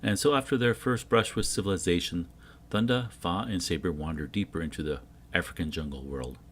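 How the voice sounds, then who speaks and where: A man reading a jungle adventure comic aloud, voicing every character himself and getting loud on the shouted lines. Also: low voice, a little fast. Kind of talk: dramatic comic book reading.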